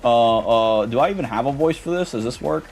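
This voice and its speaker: A man streaming a video game, excitable and slangy, laughing often as he reads along. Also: medium pitch, fairly quick, gravelly, faint music behind. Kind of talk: let's play stream commentary.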